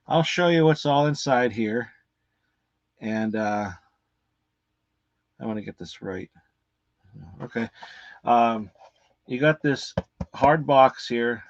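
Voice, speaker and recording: A man's voice: medium pitch, no room sound, dull audio. A man hosting a casual live unboxing, rambling and cursing freely with lots of fillers. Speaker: movie reviewer and unboxing host.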